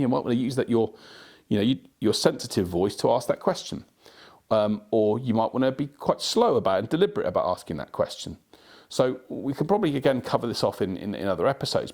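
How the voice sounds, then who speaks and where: A man's voice: lowish voice, gravelly, a little mellow. A man hosting a solo podcast, giving advice in a rambling way with many restarts and repeated words. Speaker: podcast host.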